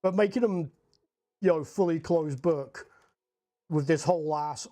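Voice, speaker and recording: Scottish young guy on a painting stream, slightly high voice, rambles, swears, lots of like. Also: a little slow, pauses often, dark tone. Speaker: livestreamer painting miniatures. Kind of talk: casual chat while painting.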